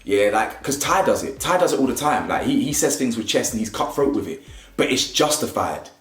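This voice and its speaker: Man, opinionated reviewer, animated, roomy echo. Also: medium pitch, brisk, soft background music. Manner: animated, keeps asking "yeah?", mocking voices for quotes. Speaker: reality show reviewer. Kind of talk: casual opinionated commentary. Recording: echoey room.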